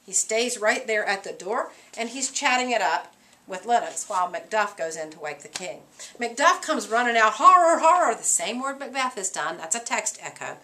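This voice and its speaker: A middle-aged woman teacher lecturing a class on a play, animated and acting out characters' lines. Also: mid-range voice. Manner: animated, acts out characters' lines in quick voices.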